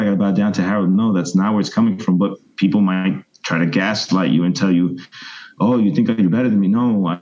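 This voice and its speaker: A man in his thirties, a guest telling long, animated stories and acting out other people's voices. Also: deep voice, lo-fi sound. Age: 30s. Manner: rambling, animated storyteller, mimics voices. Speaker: interview guest. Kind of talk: casual storytelling interview.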